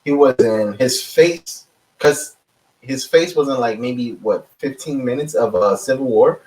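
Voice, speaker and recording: A man from Nigeria in casual podcast banter, animated and swearing freely. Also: medium pitch, unhurried, distant mic, low-quality recording. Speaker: podcast co-host.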